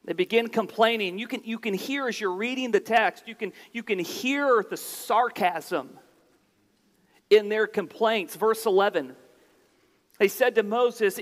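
A man preaching a sermon in a deliberate, explanatory way, often restarting phrases for emphasis. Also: high voice, lively intonation, big-room sound.

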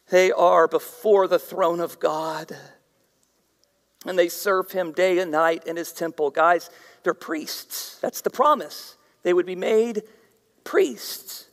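A man preaching a sermon as a pastor, swinging from shouted emphasis down to hushed whispers. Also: high-pitched. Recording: reverberant hall, voice at times far from mic.

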